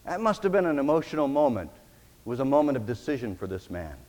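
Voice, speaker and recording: A man preaching a sermon as pastor, emphatic, swinging between loud declarations and quiet, intimate passages. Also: mid-range voice, big pitch swings, fast talker, big-room sound.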